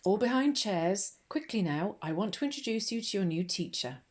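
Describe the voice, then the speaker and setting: A woman's voice: sits low, normal speed. A woman playing a bossy English headmistress. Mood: commanding. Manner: loud firm commands, crisp directions. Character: brisk imposing female headmistress, bossy and arch. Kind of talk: ASMR audiobook role reading.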